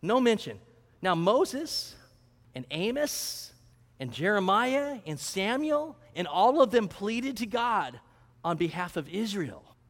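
High-voiced male preacher in a hall. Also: big pitch swings, slow pace. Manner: teaching, asks the congregation questions. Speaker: pastor. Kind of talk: sermon.

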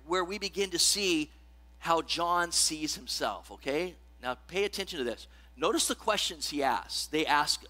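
Preaching in a conversational style, this pastor speaks at a fairly high pitch with a bright, pushed sound. Scripture readings build with rising emphasis, and he frequently checks in with his congregation.

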